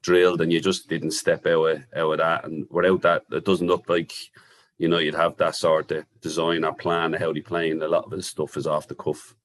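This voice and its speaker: Irish man, former player, podcast guest, storytelling, low voice. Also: monotone, moderate pace. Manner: storytelling, quotes old teammates. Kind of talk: podcast football chat.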